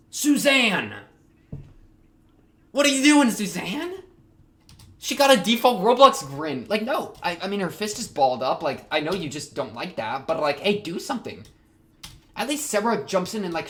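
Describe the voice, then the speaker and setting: A young man hosting an anime reaction, talking casually in a rambling, slangy way with excitable outbursts. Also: high-pitched.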